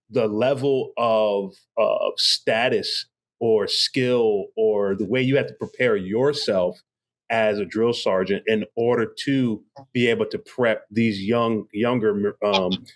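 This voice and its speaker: Halting low-voiced male podcast host. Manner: halting, many fillers and restarts. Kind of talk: interview questions.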